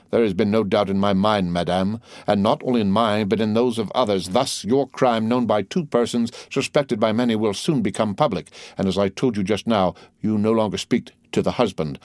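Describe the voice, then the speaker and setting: A man voicing a stern male magistrate who calmly and contemptuously accuses his wife in an audiobook. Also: on the low side, dry recording, studio quality, close to an everyday voice. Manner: calm, contemptuous interrogation. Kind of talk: audiobook character voice.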